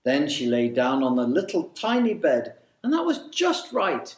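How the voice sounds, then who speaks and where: A man reading a children's storybook aloud in a slow, animated, sing-song way. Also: a little high. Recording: echoey room.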